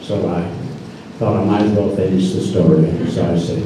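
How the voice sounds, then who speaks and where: A man's voice: sits low, fairly even intonation, moderate pace, background noise. An older man telling a personal story on a live stage with dry, folksy humor. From North Carolina. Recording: echoey hall from far off.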